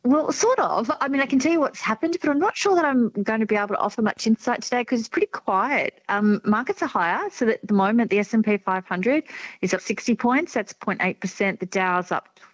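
A woman's voice: a little high, animated, fairly quick, no echo, muffled recording. A woman giving a finance update on radio, chatty and hesitant with many fillers. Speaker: finance commentator.

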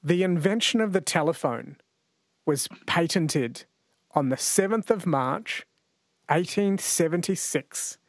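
A man's voice: a little high, expressive, takes it slowly, no room sound. An Australian man hosting a radio quiz show, chatty and jokey, speaking into a studio mic. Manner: chatty and jokey, laughs often. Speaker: radio host. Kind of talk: casual radio chat and quiz.

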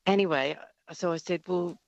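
A middle-aged Australian woman calling in to a radio show, telling a travel story in a lively, chatty way with frequent laughs. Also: low voice, normal speed, no echo. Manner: lively anecdotal, laughs often. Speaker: caller. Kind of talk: casual storytelling on the phone. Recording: muffled phone line.

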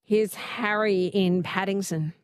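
A woman hosting a talkback radio quiz, chatty and quick to laugh. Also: medium pitch, steady tone, clear, resonant tone, no echo.

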